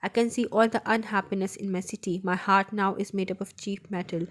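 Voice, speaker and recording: A woman reading the lines of a sorrowful young prince statue in a storybook, gentle and pleading. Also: medium pitch, fairly even intonation, a little fast, close to an everyday voice.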